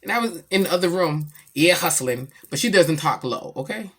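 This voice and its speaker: A middle-aged woman chatting casually about her daughter, animated and slangy as she tells stories. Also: on the low side, normal speed, slightly rough. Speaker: vlogger, mother. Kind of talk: casual chat.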